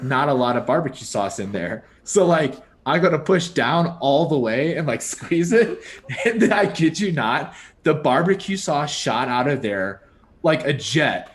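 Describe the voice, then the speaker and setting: Laughing young man telling a story. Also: fairly high pitch. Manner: animated, laughing often, heavy use of "like" and "dude". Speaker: podcast co-host. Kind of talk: casual chat, storytelling.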